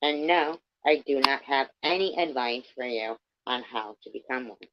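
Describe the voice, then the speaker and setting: A woman's voice: a bass voice, normal speed, no echo. A woman reading aloud as a jaded, boozy older woman author who sneers through weary complaints. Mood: irritated. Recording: dull lo-fi dry sound.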